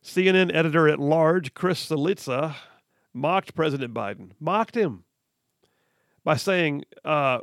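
A man's voice: fairly high pitch, lively intonation, measured pace, fairly bright tone, dry recording, studio quality. A man hosting political talk radio, reading headlines aloud and mocking them with frequent laughs. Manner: sarcastic, laughs often, reads headlines aloud. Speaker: radio talk show host.

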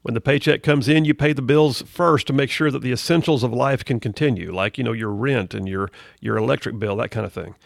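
A middle-aged male radio host, his voice gravelly and creaky, delivers a folksy monologue in the studio, chatting conversationally and wandering into preachy asides. His mid-range voice moves briskly with hardly any pauses. The recording is dry and close, with no sense of a room around him.

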